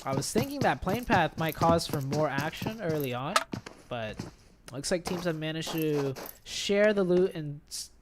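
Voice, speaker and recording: A man casting a mobile shooter tournament play-by-play, excitable, with bursts on big plays, tired from an early start. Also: fairly high pitch, unhurried, very noisy. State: tired, yawning. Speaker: esports caster. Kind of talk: play-by-play commentary.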